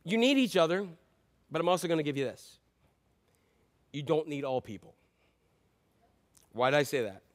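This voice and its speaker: This middle-aged man is a pastor whose fairly high voice is very animated, moving at a moderate pace and pausing often. His sermon unfolds as conversational stories, alternating loud emphasis with quiet asides.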